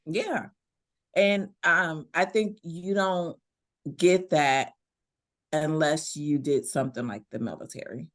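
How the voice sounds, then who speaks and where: A relaxed woman speaks as an interview guest, laughing easily as she talks. Her voice sits very low. She takes her time over every phrase. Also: slow pace. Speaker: guest, veteran business owner. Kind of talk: casual interview conversation.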